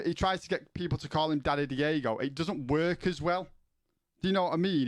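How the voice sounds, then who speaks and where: A man's voice: fairly high pitch, no room sound, studio quality. A man streaming, chatting casually with viewers in a rambling way, with many restarts and questions to chat.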